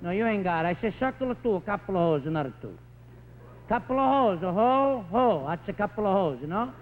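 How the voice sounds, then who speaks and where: A man voicing a fractured-English immigrant father who shouts into a telephone. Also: high voice, big pitch swings, fast. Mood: exasperated. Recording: tinny 1950s broadcast recording, faint hiss.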